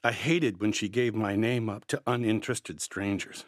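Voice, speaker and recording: A man narrating a first-person story in a measured, quietly tense way. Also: on the low side, no echo, studio quality.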